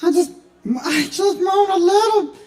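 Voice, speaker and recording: A man putting on a squeaky, helium-voiced guy with a drawl who rambles and pleads. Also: unhurried, darkish tone. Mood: whining.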